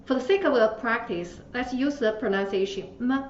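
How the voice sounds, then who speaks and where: A woman's voice: on the high side, normal speed. A woman teaching beginners the tones, patiently drawing out each syllable. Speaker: Chinese language teacher. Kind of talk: slow instructional lesson. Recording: roomy, distant, slightly dull mic with faint hiss.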